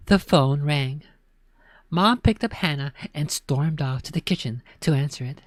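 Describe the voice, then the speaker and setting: A woman reads a spooky children's tale aloud in a low voice, dramatic and often sinking to a hush. The sound is close and dry, with no room around it. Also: a little slow, no room sound. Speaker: storyteller. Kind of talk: scripted narration of a spooky children's book.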